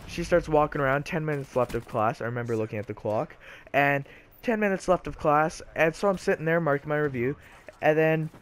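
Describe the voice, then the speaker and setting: A man's voice: medium pitch, a little hiss or hum. Chatty teen guy telling a story. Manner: chatty, loose, lots of fillers. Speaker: vlogger, storyteller. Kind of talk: casual storytime vlog.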